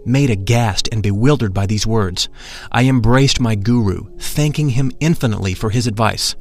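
A man's voice: lowish voice, moderate pace, a little mellow, soft background music. A man narrating a mystical first-person account in an earnest, reverent reading.

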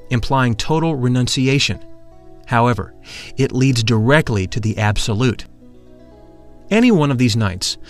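Reverent male narrator over faint music. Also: mid-range voice. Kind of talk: solemn scripted narration of a mystical text.

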